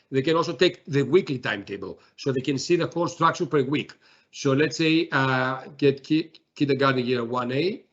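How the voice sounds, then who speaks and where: A man presenting a software demo in a webinar, talking haltingly with many fillers and restarts. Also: a little high, dull audio.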